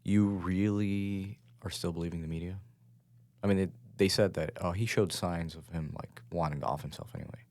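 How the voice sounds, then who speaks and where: A man's voice: sits low, steady tone, moderate pace, darkish tone, no echo. A man with a sore throat co-hosting a podcast in laid-back, joking late-night chat. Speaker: podcast co-host.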